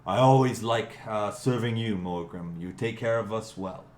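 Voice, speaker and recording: A man voicing a tiny old male tavern keeper with a booming voice and a hearty, eager-to-serve manner. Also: moderate pace, natural voice. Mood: welcoming. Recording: echoey room, faint hum.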